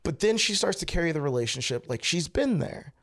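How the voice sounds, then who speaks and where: A man's voice: on the high side, very animated, fairly quick, fairly bright tone. A man in his thirties, a comedian, telling a personal story in a casual, candid chat. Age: 30s. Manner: candid, conversational, quotes people in his own voice.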